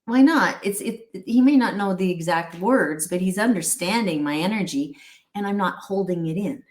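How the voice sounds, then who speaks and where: A woman's voice: lowish voice, normal speed, darkish tone, reverberant. A middle-aged woman speaking earnestly as an interview guest, rambling with restarts and acting out little quotes. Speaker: guest, pet wellness company founder. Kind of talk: candid interview talk.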